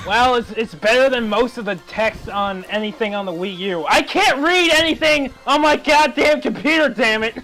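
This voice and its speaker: A man commenting on a video game in casual chat, excitable and ranting, laughing often. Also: extremely high pitch, normal speed, hardly any pauses, poor audio. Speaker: let's play commentator. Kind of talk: casual chat over gameplay. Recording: loud game music behind.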